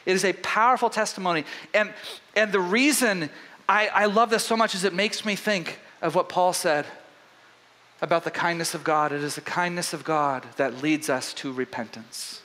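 A man preaching a sermon as pastor, telling a story in an animated way with frequent restarts. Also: sits high, moderate pace.

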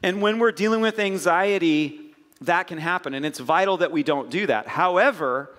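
A man's voice: sits high, normal speed, fairly bright tone. Middle-aged man preaching in a reverberant hall. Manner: conversational and self-mocking, with audience asides. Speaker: pastor. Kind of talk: sermon.

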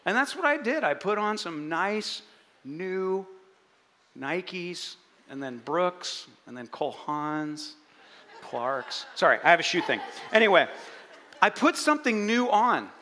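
A man preaching a sermon in an animated way, swinging between loud and soft. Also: sits high. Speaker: pastor. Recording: long hall reverb.

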